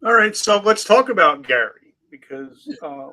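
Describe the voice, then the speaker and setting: A man hosting a podcast, talking in a relaxed, personal way as he leads the interview. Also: high-pitched, moderate pace, rough recording. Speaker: podcast host. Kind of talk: conversational interview.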